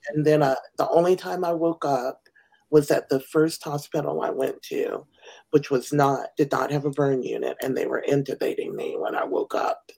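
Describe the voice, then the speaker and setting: Woman host, gravelly, husky, soft half-whispered talk. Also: deep voice, steady tone, moderate pace, low-quality recording. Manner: soft-spoken, often trailing into a whisper. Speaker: podcast host and burn survivor. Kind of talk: casual interview chat.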